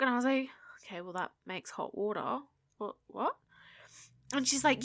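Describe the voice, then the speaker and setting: A woman's voice: on the high side, moderate pace, dry recording, studio quality. A woman co-hosting a podcast, telling work stories in casual chat, swearing freely and acting out the people in them. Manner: animated storyteller, swears freely, acts out customers. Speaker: podcast co-host.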